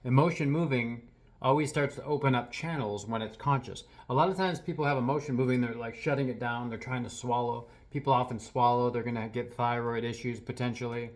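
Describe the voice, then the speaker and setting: Male healing practitioner, soft-spoken and earnest, reflective talk to camera, mid-range voice. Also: medium pitch, brisk. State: a little teary.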